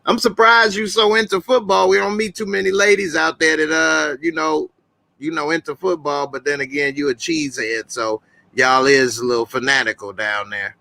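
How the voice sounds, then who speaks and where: A man with a fairly high, bright, forceful voice hosts a call-in show. He argues his sports opinions in an animated, slangy way. The sound is dry and close, with no room echo. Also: moderate pace, vocal fry. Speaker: host.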